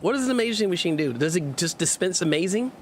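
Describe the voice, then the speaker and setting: A man's voice: sits high, animated, fast, a little hiss or hum. A man streaming gameplay, chatting casually and joking with his viewers as he reads their messages aloud. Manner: playful, jokey, sarcastic asides. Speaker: let's play streamer. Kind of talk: casual gameplay commentary with chat.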